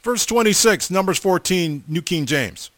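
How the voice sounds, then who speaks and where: Fortysomething guy preaching, a bit high voiced, stops and restarts a lot, dry close mic. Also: expressive, moderate pace, a bit bright, no echo. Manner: repeats a name for the audience, stammering restarts, emphatic. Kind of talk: sermon.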